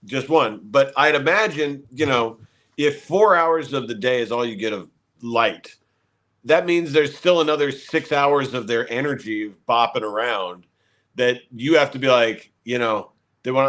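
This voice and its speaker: A man's voice: mid-range voice, lively intonation, unhurried, a bit bright. A man co-hosting a podcast, chatting casually and rambling through a joke. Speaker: podcast co-host. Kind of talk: casual chat.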